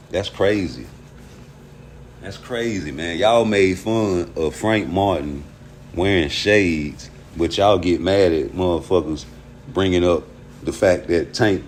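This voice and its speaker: A man with a low, slightly mellow voice hosts a boxing commentary livestream, with a little hiss or hum in the audio. Heated and profane, he rants at his chat about boxing and argues with viewers.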